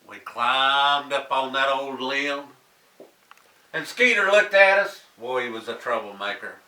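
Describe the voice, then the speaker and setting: Slow, dramatic older storyteller. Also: male voice, medium pitch, reverberant, recorded from a distance, rough recording. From Tennessee, US. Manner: slow, dramatic, draws out words, hushes and shouts. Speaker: family storyteller. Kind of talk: oral storytelling to family.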